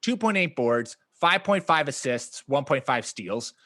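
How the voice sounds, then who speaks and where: Lively bright-voiced man chatting stats. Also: unhurried. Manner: animated, laughing, profane, jumps up in pitch when stressing stats. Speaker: podcast co-host. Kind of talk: casual fantasy sports chat.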